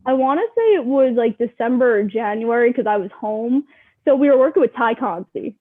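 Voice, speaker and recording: A young woman in her twenties, a guest telling stories in a casual interview, animated and quick, full of "like", heard over a remote call. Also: a little high. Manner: animated, rapid storyteller, full of "like". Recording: tinny phone-like call audio.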